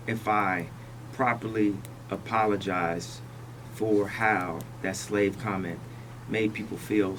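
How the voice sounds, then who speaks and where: A man speaking as a radio interview guest, talking in slow, halting phrases that he often restarts. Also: lowish voice, fairly bright tone, distant mic, a little hiss or hum, rough recording.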